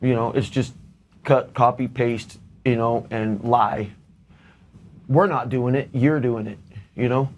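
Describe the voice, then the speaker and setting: A man's voice: medium pitch, steady tone, slow, long pauses, darkish tone. A man speaking as a podcast guest, blunt and plain-spoken in casual chat.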